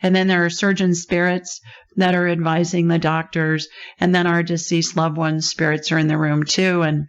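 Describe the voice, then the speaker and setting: A woman hosts a call-in show and talks her callers through things in a soothing, descriptive way. Her voice sits on the low side. The sound is dull and lo-fi. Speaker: podcast host and psychic.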